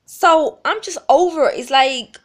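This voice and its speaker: A woman's voice: high-pitched, unhurried, fairly bright tone. A woman, talking bluntly and emphatically in a rambling vlog. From South Africa. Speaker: vlogger. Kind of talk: casual talk to camera.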